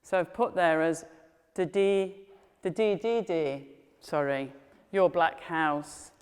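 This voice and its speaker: A woman who tutors Welsh, saying words slowly and patiently and asking learners to repeat them back. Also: fairly low pitch, a little mellow, smooth, big-room sound. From England. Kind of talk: teaching Welsh pronunciation to learners.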